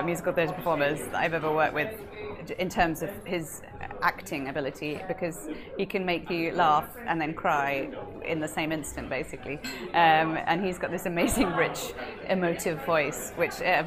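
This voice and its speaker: A young British woman with a somewhat low-pitched voice chats about her work in a bubbly, easy manner, laughing often. A crowd murmurs audibly behind her. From England. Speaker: musical theatre actress, interview guest. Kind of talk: casual interview chat.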